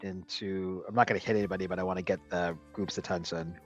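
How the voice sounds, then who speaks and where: A man's voice: low-pitched, steady tone, fast talker, dull audio, soft background music. A man playing a tabletop game, talking casually and playfully. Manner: playful, laughing. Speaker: player.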